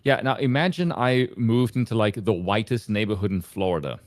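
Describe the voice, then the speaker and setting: A man's voice: on the low side, brisk, no room sound. A man from South Africa, a guest on a live stream, telling his story in a dry, wry way. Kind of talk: casual live-stream chat.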